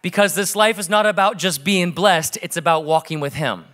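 Pastor guy in his 30s, kinda high voice, preaching and telling stories all animated. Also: normal speed. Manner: lively storytelling, acting out family dialogue. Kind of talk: sermon.

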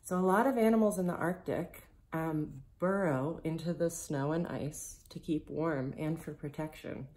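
A woman reading a picture book aloud to children, gently explaining as she goes and asking them questions. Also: low-pitched. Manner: gentle, slow storytelling, speaking directly to children.

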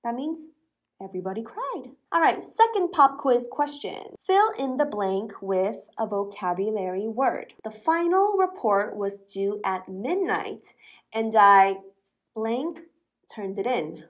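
Lady teaching english, slow and clear, spells stuff out, bit high voice. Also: very animated. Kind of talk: English lesson.

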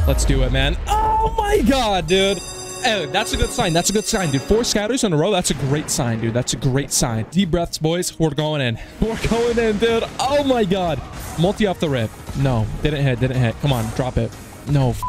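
A slightly high-voiced man commentating his own slot spins, his pitch leaping all over as he swings from muttering to shouting. He talks in loose slang, calling everyone dude and man, and swears freely. Faint game music plays under him. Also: normal speed. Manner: excitable, swears, bursts into yells on big hits; casual slang, keeps saying "dude" and "man". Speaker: online slots streamer. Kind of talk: live gambling commentary.

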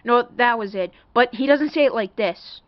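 A woman's voice: fairly high pitch, normal speed, no room sound, muffled recording. A woman rambling through a casual show-and-tell vlog about a toy, full of fillers and apologies. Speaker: toy collector showing a doll.

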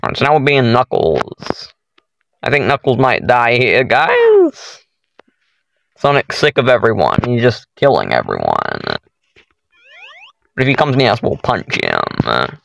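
A man commentating a horror game let's play, his pitch leaping far up and down between yelps and mutters. His voice has a gravelly fry, and he talks at an unhurried pace between the jumpy exclamations. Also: huge pitch swings, fairly bright tone, dry recording. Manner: jumpy, exclaiming at every scare, talks to viewers as guys. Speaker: gaming YouTuber.

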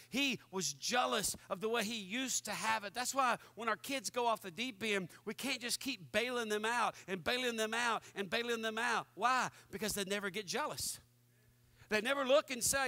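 A pastor preaches with lively energy, talking straight to the congregation and slipping into the voices of the people he quotes. His voice sits high and bright. The sound is close and dry, with no room echo. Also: normal speed. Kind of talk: sermon.

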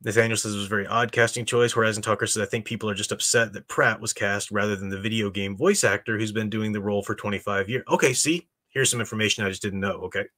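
A man with a bright, forceful voice that sits a little low, rambling through an opinionated live-stream chat. He stops and restarts his sentences often, then lands on blunt points and turns to his viewers for answers. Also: fairly even intonation, quick pace, hardly any pauses. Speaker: streamer host reading chat.

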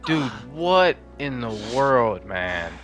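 Excitable young man narrating gameplay. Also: medium pitch, takes it slowly, over music. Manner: excitable, swings between frustration and amazement. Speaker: gaming commentator. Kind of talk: live gameplay commentary.

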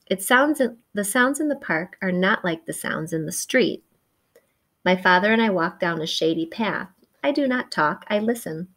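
A woman reading a picture book aloud to young children, gentle and encouraging, chatting about the pictures and imitating the story's sounds. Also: mid-range voice, lively intonation, normal speed. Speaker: children's read-aloud presenter.

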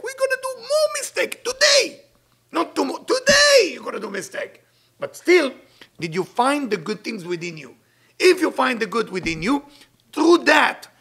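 A middle-aged man giving an inspirational weekly sermon as a spiritual teacher, emphatic and animated, swinging between loud bursts and soft asides. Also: sits high, husky.

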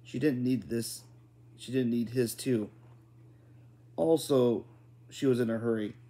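A man's voice: medium pitch, fairly even intonation, a little slow, warm tone. A man reading a children's book aloud in an unpolished style, often restarting and correcting words. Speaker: reader.

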